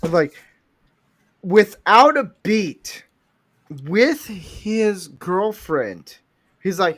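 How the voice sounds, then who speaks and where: Slow-talking foul-mouthed male streamer. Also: high-pitched, lively intonation, a bit bright. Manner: foul-mouthed, rambling, self-described redneck. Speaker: livestream host. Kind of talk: casual crude chat while building Lego.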